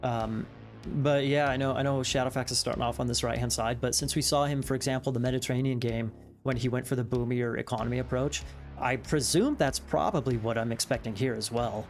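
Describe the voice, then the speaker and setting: A man's voice: mid-range voice, fairly even intonation, a little fast, soft background music. A man co-casting a strategy game match, talking in a chatty, musing way with lots of fillers. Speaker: esports caster. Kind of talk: game commentary.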